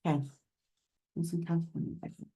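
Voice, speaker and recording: A woman's voice: fairly low pitch, flat delivery, quick pace, warm tone. Chatty woman doing a live psychic reading. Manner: chatty, thinks aloud, addresses viewers directly; hesitant, with frequent restarts while working things out. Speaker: psychic medium. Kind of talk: live streamed mediumship reading.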